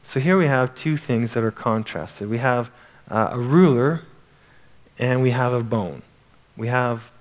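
A man of middle pitch teaching from scripture in a loose, conversational manner. He stops and restarts his sentences often as he explains the verses. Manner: conversational and halting, with frequent restarts. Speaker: Bible teacher. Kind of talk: informal Bible teaching.

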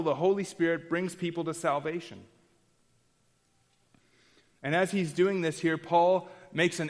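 A man's voice: on the high side, long reverb tail. A man preaching an expository sermon in an earnest, emphatic way, repeating key phrases and restarting often.

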